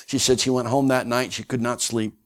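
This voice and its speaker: A man preaching as a guest speaker, telling a story in a folksy, animated way with many fillers. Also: mid-range voice, fairly quick. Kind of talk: sermon storytelling.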